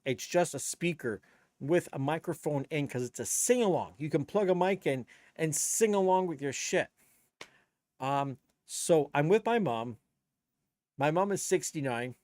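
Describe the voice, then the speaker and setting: A man's voice: a little high, a little mellow, no echo, studio quality. A man, a DJ chatting on his live stream in a blunt, rambling, profane way. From Canada. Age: 50s. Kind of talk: casual live-stream chat.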